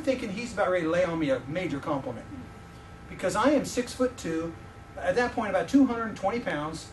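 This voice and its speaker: A man in his fifties preaches from a distance in an echoey hall, his voice pitched high for a man. He tells personal stories with animation and teases his listeners. A faint hiss hangs under his words. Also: a little fast. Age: 50s. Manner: animated, joking with the audience. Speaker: visiting preacher. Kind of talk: sermon with personal storytelling.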